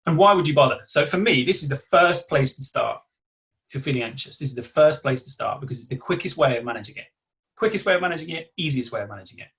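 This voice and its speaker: A man's voice: medium pitch, a bit bright. A man presenting a live online workshop over a video call, talking in a conversational way and acting out examples of self-talk.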